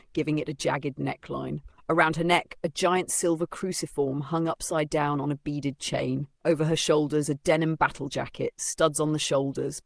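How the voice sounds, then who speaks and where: A man's voice: on the high side, creaky, no echo. A man narrating a first-person novel in a dry, sardonic storytelling manner. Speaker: audiobook narrator.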